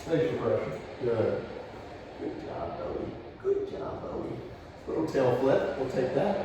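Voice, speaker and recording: A fairly high-voiced man trains a dog indoors at home, explaining calmly as he goes and praising the dog now and then. His voice sits back from the mic and rings with a long, roomy echo. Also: recorded from a distance, a little hiss or hum. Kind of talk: live demonstration with commentary. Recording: echoey room, voice picked up from afar.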